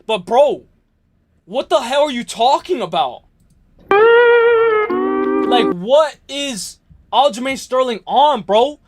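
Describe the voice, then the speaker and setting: A man hosting a live stream, ranting and joking in an excitable, profane way while reading viewer comments. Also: very high-pitched, takes it slowly, long pauses, faint music behind.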